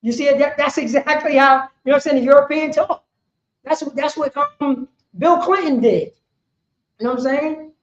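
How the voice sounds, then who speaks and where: Male street teacher, high voice, rambling talk, dull echoey recording. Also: moderate pace. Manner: rambling, keeps saying "you know what I'm saying". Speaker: religious teacher. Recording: echoey room, dull lo-fi sound.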